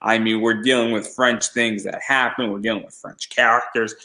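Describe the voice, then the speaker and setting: A man's voice: fairly low pitch, steady tone, normal speed, bright, forceful tone, poor audio. A man hosting a casual interview, talking in a rambling, hesitant way with many restarts. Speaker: podcast host.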